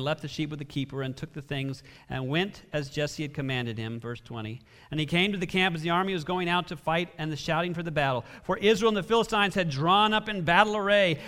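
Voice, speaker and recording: A man's voice: high voice, sharp tone. A man pastor giving a conversational sermon in a church hall, asking his listeners many rhetorical questions.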